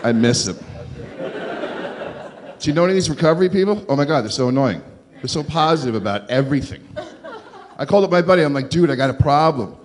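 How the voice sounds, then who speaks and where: A man doing a stand-up comedy set on a club stage, sarcastic with deadpan asides and talk to the crowd. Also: on the high side, fast talker, pauses often, slight background noise.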